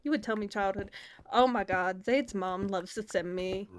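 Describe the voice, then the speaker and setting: A woman's voice: medium pitch, normal speed, slight background noise. A woman from the American South, chatting casually on a live stream and laughing often. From Southern US (Georgia and Alabama).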